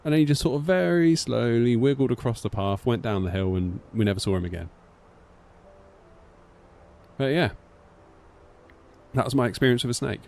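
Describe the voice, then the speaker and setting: A man's voice: medium pitch, normal speed, vocal fry, long pauses, a little hiss or hum. A man in his thirties with a British accent, telling stories in a casual live-stream chat and acting out the voices in them. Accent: British English. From United Kingdom. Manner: rambling storyteller, animated, acts out quotes. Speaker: flight sim streamer.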